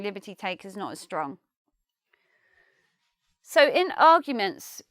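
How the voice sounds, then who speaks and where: A woman with a smooth, clear, slightly high voice teaches English slang in an online lesson. She explains each phrase lively and acts out the angry examples, in a dry, close sound. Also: no room sound.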